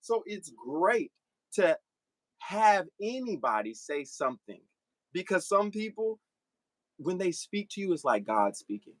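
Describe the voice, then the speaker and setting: A young man streaming live, talking back to commenters in a blunt, animated way. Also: high-pitched, a little slow, dry recording. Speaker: livestreamer. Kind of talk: casual livestream talk to commenters.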